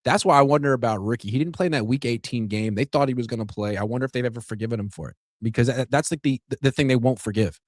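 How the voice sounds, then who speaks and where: A man co-hosting a casual sports podcast, laying out firm opinions in a steady way. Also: medium pitch, fast, hardly any pauses, no echo, clean studio sound. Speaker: podcast co-host.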